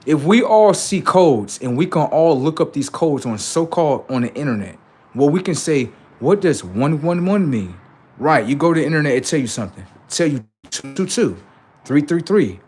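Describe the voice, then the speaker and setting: A man's voice: on the high side, husky. A man on a live stream, chatting casually and swearing, then lecturing his viewers insistently about number codes.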